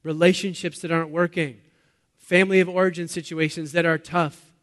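A man preaching a sermon to his congregation, asking them questions and swinging between loud bursts and quiet, low lines. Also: flat delivery, a little fast. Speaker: pastor.

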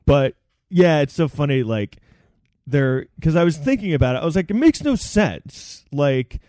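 A man hosting a podcast, telling stories in casual chat with rambling, animated delivery. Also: fairly high pitch, normal speed, no echo, studio quality. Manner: rambling, animated storytelling with quoted voices.

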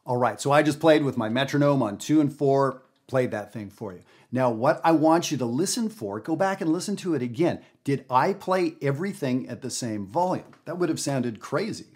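A man hosting a jazz podcast, teaching in a casual, animated, emphatic way with everyday fillers. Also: medium pitch, moderate pace, few pauses, breathy edge. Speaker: jazz educator and podcast host.

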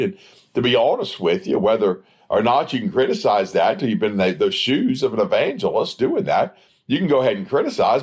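A man's voice: medium pitch, darkish tone, breathy edge. A man preaching a Bible study in a sermon style, asking rhetorical questions and answering them himself. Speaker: preacher, former evangelist.

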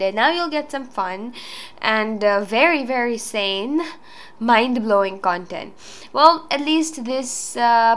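A woman speaks on her own show in a loose, rambling way. She is earnest and full of fillers and restarts. Her voice sits a little high. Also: fairly bright tone. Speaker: podcast host. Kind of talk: casual solo talk.

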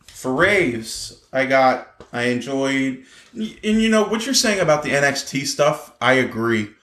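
A man's voice: a little slow, echoey room. A man co-hosting a casual wrestling podcast, talking with energy and acting out quotes in raised voices. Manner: animated, acts out quotes in high voices. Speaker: podcast co-host.

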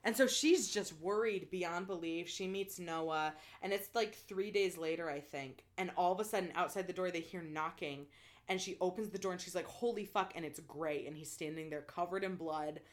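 A woman's voice: on the low side, moderate pace. A young woman casually and animatedly retelling a book's plot, full of "like" fillers and swearing. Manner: animated, chatty, heavy use of "like" and swearing. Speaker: book fan retelling a plot. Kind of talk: casual chat.

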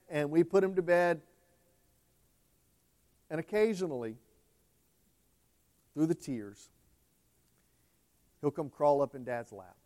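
Male pastor, fairly high voice, impassioned preaching that swings from hushed to loud. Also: takes it slowly, pauses often. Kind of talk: sermon.

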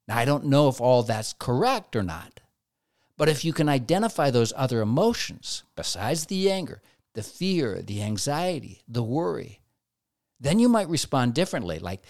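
A man's voice: mid-range voice, sing-song, moderate pace, darkish tone. A man giving a conversational Christian teaching talk, acting out everyday dialogue in quoted asides.

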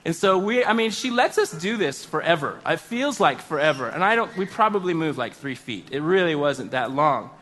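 High, bright-voiced man telling a funny story. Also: moderate pace, few pauses, slight background noise. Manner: animated, self-mocking, exaggerated outbursts. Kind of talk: comedic personal storytelling.

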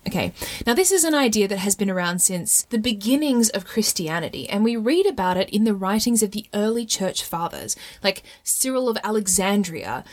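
A woman's voice: medium pitch, sing-song, normal speed. A woman explaining Catholic teaching in a casual, chatty monologue, full of "like" and frequent "okay?" and "right?" check-ins. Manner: fillers of "like" throughout.

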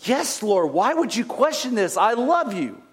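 A man's voice: very high voice, very animated, measured pace, fairly bright tone, pitched above the performer's own voice, full character voice. A man voicing a brash, overconfident male disciple in a retold scripture story. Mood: hurt. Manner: boastful then fearful denials.

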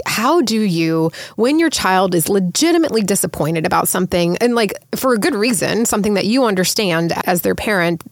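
A woman's voice: medium pitch, dry recording, clean studio sound. A woman in her thirties, a podcast host telling a family story in a casual, chatty way with many fillers.

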